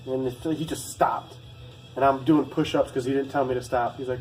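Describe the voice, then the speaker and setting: A former Marine recruit telling a story to camera in a casual, rambling, profane way, full of asides. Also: male voice, mid-range voice, fairly even intonation, a little fast, a little mellow, soft background music, rough recording.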